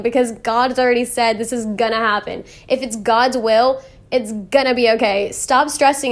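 A young woman with a high voice hosts her own faith podcast. She talks in a casual, heartfelt way, filling her sentences with "like" and small laughs. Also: fairly even intonation, moderate pace. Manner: earnest, chatty, full of "like" and laughs. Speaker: podcast host.

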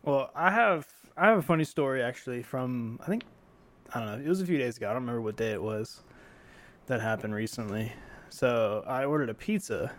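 A man's voice: medium pitch, a little fast. Laid-back rambling male podcast host. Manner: rambling storyteller, laughs often. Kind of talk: casual chat.

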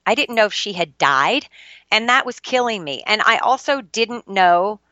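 Bright-voiced woman telling her story. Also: medium pitch, lively intonation, normal speed, no echo, muffled recording. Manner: earnest, confessional and emotional. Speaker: podcast guest. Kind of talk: candid personal storytelling.

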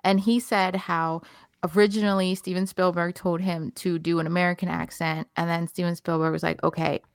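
A woman's voice: lowish voice, a little fast, smooth, dry recording, studio quality. A woman co-hosting a podcast, chatting casually and jumping in eagerly. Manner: eager, jumps in excitedly. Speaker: podcast co-host. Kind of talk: casual chat.

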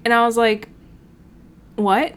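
A woman's voice: fairly high pitch, takes it slowly. A woman co-hosting a podcast, telling a story in casual chat, swearing often and acting out what people said. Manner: animated storytelling, swears often, acts out quotes. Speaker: podcast co-host.

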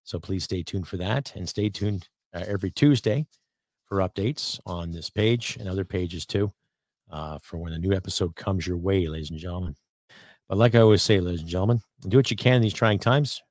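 A man's voice: low voice, brisk, darkish tone, dry recording, clean studio sound. A man from Canada hosting a podcast, ranting angrily and emphatically with profanity and rhetorical questions. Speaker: podcast host. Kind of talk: political rant podcast.

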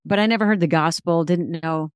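A woman's voice: on the low side, fairly quick, smooth, no echo, clean studio sound. A middle-aged woman, a guest author and speaker, giving a personal faith testimony in an earnest, reflective way.

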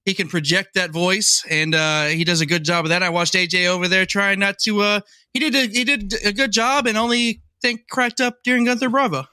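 Male co-host, high bright crisp voice, dry close sound, playful hype. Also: a little fast, hardly any pauses, no room sound. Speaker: podcast co-host. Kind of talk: casual chat.

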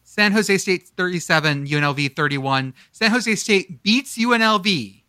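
A man hosting a casual sports podcast, joking around and reading out scores with excitable energy. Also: high voice, moderate pace, clean tone, dry recording, clean studio sound. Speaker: podcast host.

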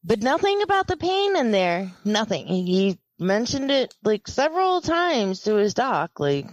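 A woman's voice: fairly high pitch, unhurried, hardly any pauses, no room sound, rough recording. A woman casually telling a story on a podcast, quoting people and laughing often. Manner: animated, quotes people in lively voices, laughs often.

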